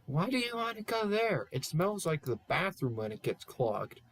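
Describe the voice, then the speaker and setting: A man's voice: on the high side, big pitch swings, moderate pace, a bit bright, pitched above the performer's own voice, exaggerated voice. A man reading a fan story aloud and voicing a grumpy older great-uncle who mocks and grumbles in a raised voice. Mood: scornful. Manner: grumpy, mocking. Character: gruff older male great-uncle shopkeeper.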